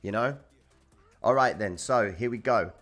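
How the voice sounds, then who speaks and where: A man's voice: on the low side, unhurried, a bit bright, soft background music. A man hosting a trading live stream, teaching viewers in a casual, blunt way, swearing freely and repeating his points to the chat.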